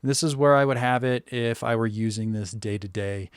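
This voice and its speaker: A man's voice: mid-range voice, moderate pace, smooth, no echo, studio quality. A man giving a casual, step-by-step spoken review of a microphone. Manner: relaxed, conversational, explaining step by step. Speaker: tech reviewer.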